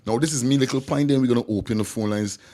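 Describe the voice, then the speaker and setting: A man's voice: mid-range voice, fast, mellow. A man hosting a call-in show, talking loosely to viewers and repeating "you know what I mean". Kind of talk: casual commentary to viewers.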